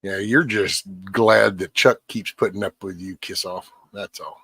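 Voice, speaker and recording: A man's voice: low-pitched, steady tone, a little slow, fairly bright tone, breathy edge, no room sound. A man hosting a casual livestream, rambling bluntly with lots of cussing and a preachy edge. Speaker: livestream host.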